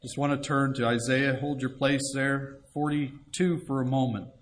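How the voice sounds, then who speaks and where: In a steady, mid-range voice at normal speed, a man delivers an evangelistic message. His tone is one of earnest pleading, and he reads Bible passages aloud in archaic language.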